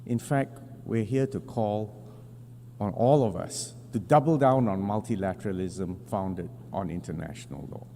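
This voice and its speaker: Guy giving a slow formal address in a big hall, lowish mellow voice, long echo, faint hum. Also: gravelly. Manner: measured, emphatic, with deliberate pauses. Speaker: government delegate addressing the UN General Assembly. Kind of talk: formal prepared speech. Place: large assembly hall.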